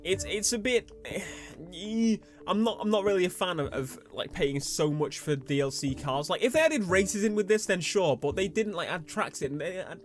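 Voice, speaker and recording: A young man rambling through racing game commentary, excitable and swearing, shouting when things go wrong. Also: high-pitched, moderate pace. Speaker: gaming YouTuber. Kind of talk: gameplay commentary.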